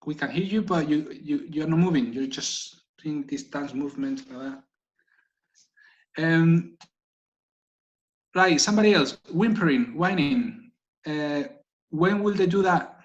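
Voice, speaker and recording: A man with a slightly high voice runs a casual online session for volunteers, and he keeps checking in with the group as he explains things. The sound is a little dull, as it often is on a video call. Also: measured pace, pauses often. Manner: chatty, keeps checking in with "okay?". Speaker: guide dog trainer leading online volunteer meeting.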